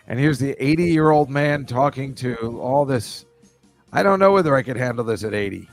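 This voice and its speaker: A man hosting a casual talk show, rambling and halting with lots of fillers. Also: medium pitch, lively intonation, vocal fry, faint music behind. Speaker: podcast host. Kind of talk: casual chat.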